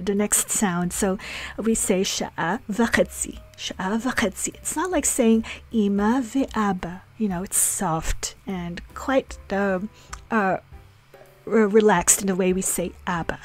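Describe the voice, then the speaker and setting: Slow, patient woman teaching language. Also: medium pitch. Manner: slow, patient, repeats example phrases. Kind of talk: language lesson.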